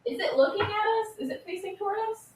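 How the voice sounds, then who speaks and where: A woman playing in a tabletop game, reacting with giggles and quick questions. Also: very high voice, animated, darkish tone. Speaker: player. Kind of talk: casual tabletop game chat. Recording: echoey room.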